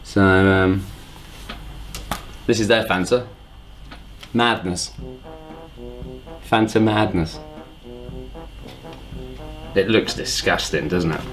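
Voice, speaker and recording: A man's voice: low voice, fairly even intonation, extremely slow, long pauses, a bit bright, soft background music, rough recording. A man hosting a casual vlog, dry and self-mocking, with lots of ums. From England. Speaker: host.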